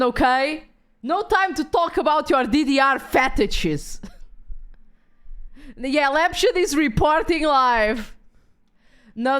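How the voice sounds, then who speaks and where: A woman's voice: high voice, a bit bright. A woman streaming a video game, chatting casually with viewers, rambling and swearing offhand.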